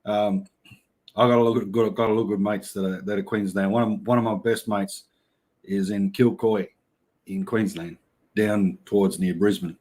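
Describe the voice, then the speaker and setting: A man's voice: lowish voice, steady tone, normal speed, darkish tone. A middle-aged Australian man hosting a casual livestream, reading chat and yarning in a laid-back way with blokey slang and frequent laughs.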